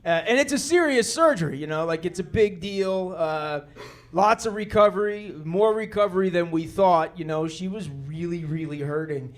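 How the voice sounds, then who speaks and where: A man's voice: high voice, normal speed. A man doing laid-back stand-up storytelling, rambling along and acting out the people in his stories. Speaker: stand-up comedian. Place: comedy club stage.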